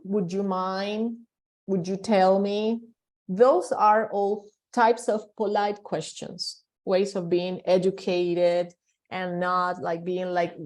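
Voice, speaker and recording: A woman's voice: mid-range voice, darkish tone. Patient woman teaching over a video call. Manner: patient, repeats examples, many fillers. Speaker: English teacher. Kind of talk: online class explanation.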